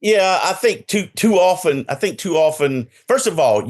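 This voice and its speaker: A middle-aged enterprise salesperson with a Southern US accent guests on a casual podcast over a video call. He talks fast and expressively in a fairly high voice with few pauses, telling stories directly and confidently and quoting dialogue.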